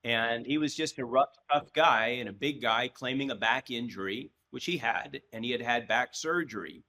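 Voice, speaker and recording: A man in his sixties tells a long story as a podcast guest. He speaks at a middle pitch, restarts his sentences often, and slips into voices when he quotes people. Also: normal speed. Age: 60s. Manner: lively storyteller who acts out quoted dialogue, with frequent restarts. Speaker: trial lawyer, podcast guest. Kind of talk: anecdotal storytelling in a podcast interview.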